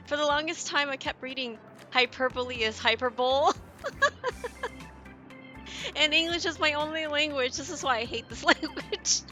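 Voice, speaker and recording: A woman's voice: high-pitched, sharp tone. A woman streamer chatting casually with viewers, rambling and giggling often as she mocks herself. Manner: giggly, rambling, self-mocking. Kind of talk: casual gaming stream chat.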